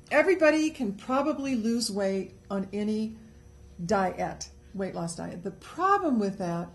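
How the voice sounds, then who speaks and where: A woman co-hosting a casual webcast talk show, chatty and upbeat as she gives tips. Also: medium pitch. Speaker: co-host. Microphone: webcast studio mic.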